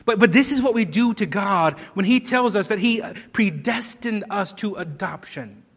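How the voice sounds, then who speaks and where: A man's voice: sits high, animated, normal speed, a bit bright, long reverb tail, faint music behind. A man preaching a sermon, earnest and emphatic, with rhetorical questions and repeated words.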